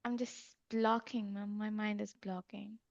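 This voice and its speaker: A woman's voice: mid-range voice, flat delivery, measured pace, vocal fry, dry recording. A woman student answering her teacher in an online class, hesitant and unsure. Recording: dull dry video call audio.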